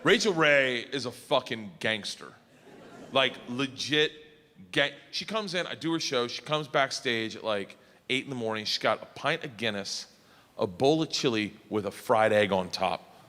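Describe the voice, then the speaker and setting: A middle-aged man doing stand-up storytelling on stage, loud and animated, shouting his punchlines over the laughter. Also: mid-range voice, normal speed. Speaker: stand-up comedian. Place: live comedy stage before an audience. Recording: live stage recording with audience noise.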